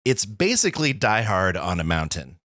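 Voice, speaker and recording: A man's voice: lowish voice, big pitch swings, moderate pace, fairly bright tone, no echo, clean studio sound. A man co-hosting a movie podcast, chatting enthusiastically and laughing often. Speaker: podcast co-host. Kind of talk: casual movie chat.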